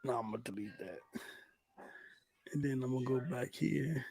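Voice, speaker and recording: A man's voice: medium pitch, moderate pace, gravelly, darkish tone, husky, dry recording. A man hosting a casual gaming livestream, talking loosely and with plenty of profanity while he sets up clips. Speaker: livestream host.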